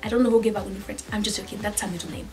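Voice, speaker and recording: A young woman from Nigeria telling a personal story in a casual vlog, chatty and animated, jumping between asides. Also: medium pitch, rapid-fire.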